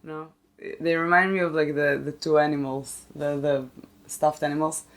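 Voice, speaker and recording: A woman's voice: deep voice, little pitch movement, moderate pace. A woman co-hosting a podcast who talks about a movie with enthusiasm, uses non-native phrasing and sometimes searches for words. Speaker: podcast co-host. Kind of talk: casual movie recap chat.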